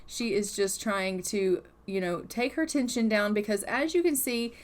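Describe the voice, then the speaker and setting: A woman's voice: mid-range voice, normal speed. A woman giving casual, rambling commentary on a life-sim game she is playing, often hedging her thoughts. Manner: chatty and rambling, hedges often.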